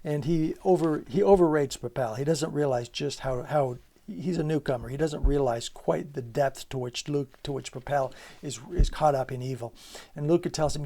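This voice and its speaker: A man lectures on literature in a slightly high, gravelly voice. He talks earnestly and emphatically, poses rhetorical questions, and keeps breaking off to restart his sentences as he works through his ideas. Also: normal speed, dark tone.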